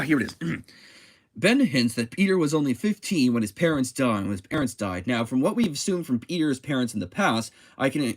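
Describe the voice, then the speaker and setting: A man casually reviewing a comic book, talking in a halting way with frequent restarts and self-corrections. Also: medium pitch, dry recording.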